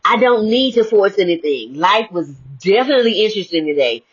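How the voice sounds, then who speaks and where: A woman giving a lively spiritual motivational talk, swinging between hushed, reflective stretches and bright exclamations. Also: medium pitch, fairly quick, slightly rough. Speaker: inspirational speaker. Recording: muffled lo-fi audio.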